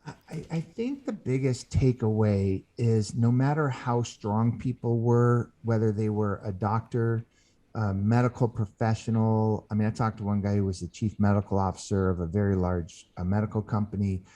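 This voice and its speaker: A man's voice: fairly low pitch, dark tone. A man, a guest author on a podcast, telling a story earnestly and often restarting his sentences. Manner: earnest storyteller who acts out quoted voices; halting, with frequent restarts. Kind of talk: podcast interview.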